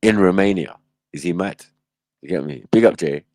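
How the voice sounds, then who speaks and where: A man's voice: low voice, moderate pace, a little mellow, dry recording. A man hosting a livestream, reacting in casual, slangy commentary and laughing often. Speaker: livestream host.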